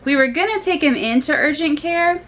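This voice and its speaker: A woman's voice: high-pitched, lively intonation, normal speed, fairly bright tone, slight background noise, rough recording. A young woman and mother talking casually to her viewers in a family vlog, chatty and full of loose asides. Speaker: vlogger and mother.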